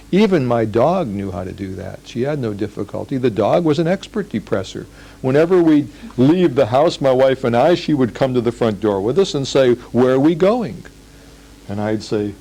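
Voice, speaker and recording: A man's voice: medium pitch, mellow, rough recording. An older man giving a live lecture, telling stories and acting out the quoted lines. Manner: storytelling, acts out quoted lines. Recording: old 1980s lecture tape.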